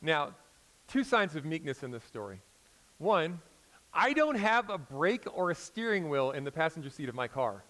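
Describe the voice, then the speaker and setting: An American man in his forties preaching a sermon in a conversational storytelling way, swinging between loud emphasis and quiet intensity. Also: a little high, big pitch swings, normal speed, poor audio. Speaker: pastor.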